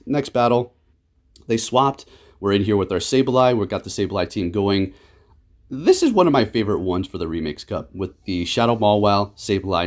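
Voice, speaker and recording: A man hosting his gaming channel, giving excitable live commentary on his matches that swings quickly between frustration and laughter. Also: lowish voice.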